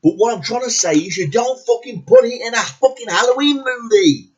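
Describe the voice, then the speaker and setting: A man's voice: extremely high pitch, fairly quick, a little mellow, husky, highs cut off. A man ranting angrily about a movie as a reviewer, swearing constantly and repeating words for emphasis. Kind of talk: angry profane movie rant.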